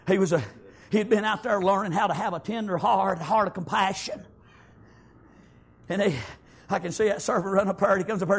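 A man preaching a sermon, telling the story in folksy speech, breaking into shouted bursts and scattering amens through his lines. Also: high voice, a little fast, gravelly, husky.

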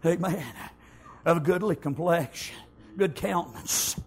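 A man preaching a sermon, telling the story in folksy speech, breaking into shouted bursts and scattering amens through his lines. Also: fairly high pitch, measured pace, slightly rough.

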